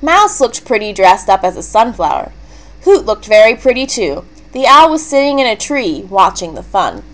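A woman reading a children's picture book aloud in a gentle, expressive storytelling manner. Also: mid-range voice, normal speed, poor audio. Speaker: storybook reader.

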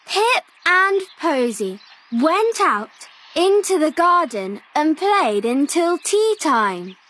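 A woman reading a picture book aloud for small children, slow and expressive. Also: sits high, slight background noise. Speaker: children's story reader.

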